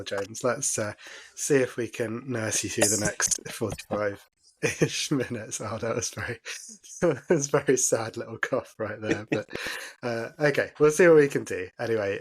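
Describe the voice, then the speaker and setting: A British man in his forties with a medium-pitched voice, hosting a podcast. He sounds friendly and upbeat and reads his intro smoothly before easing into chat with his co-host. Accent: British English. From Britain.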